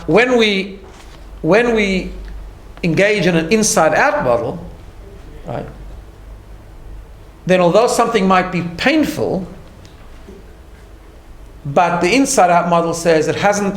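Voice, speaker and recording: A man's voice: sits high, lively intonation, slow pace, long pauses. Earnest male teacher in an echoey room. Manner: earnest, explains step by step, tags lines with "right?". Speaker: class teacher. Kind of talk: recorded class lecture.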